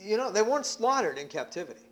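A man's voice: high-pitched, sing-song, quick pace. A man preaching a sermon, emphatic, repeating words as he presses his points.

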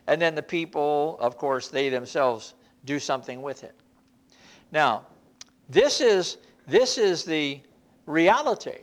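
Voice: mid-range voice, expressive, slow pace, fairly bright tone. Folksy, conversational church Bible teacher. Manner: conversational, repeats and restarts phrases, folksy asides.

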